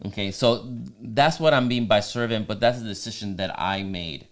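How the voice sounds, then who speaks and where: Here a fairly low-voiced man co-hosts a faith-based marriage podcast at a moderate clip. His talk is casual and sincere, full of false starts, with playful jabs slipped in along the way.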